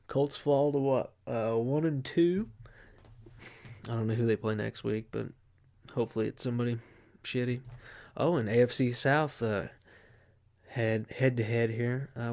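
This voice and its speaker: A man hosting a podcast, chatting casually and rambling through sports scores and a profane anecdote. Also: medium pitch. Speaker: podcast host.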